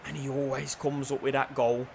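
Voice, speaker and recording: A young man commentating his own football video game, excitable, muttering and then shouting, swearing and joking. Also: medium pitch, moderate pace, vocal fry, a little hiss or hum. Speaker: gaming YouTuber. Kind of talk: live gameplay commentary.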